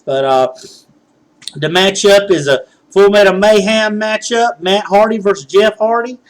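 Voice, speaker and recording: Man, wrestling recap host, slightly high voice, rambling, lots of fillers. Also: measured pace. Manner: rambling, many fillers and restarts. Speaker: wrestling results show host. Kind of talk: casual recap commentary.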